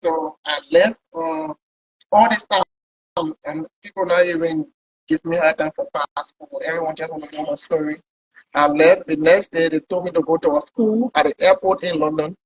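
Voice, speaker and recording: A man's voice: on the high side, steady tone, moderate pace, husky. A man talking as a pilot guest, recounting his long trip in a casual, rambling way and often repeating words. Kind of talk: conversational storytelling. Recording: dull lo-fi recording.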